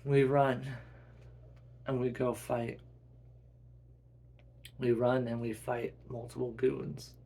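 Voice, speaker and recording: A man narrating a role-play story in first person, plain and low-key. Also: flat delivery, slow, gravelly, pauses often, dark tone.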